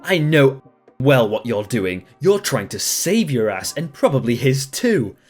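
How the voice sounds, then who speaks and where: A man reading a story aloud, voicing an angry, entitled woman customer who shouts demands. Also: mid-range voice, very animated, measured pace, soft background music. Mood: furious. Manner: indignant, shouting accusations.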